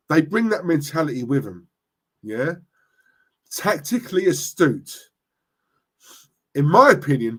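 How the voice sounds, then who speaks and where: Ranting on a livestream, a man who runs a football fan channel reads out chat comments in a forceful, impassioned way. His pitch is fairly high with a breathy edge, and he keeps checking in with the audience by asking "right?"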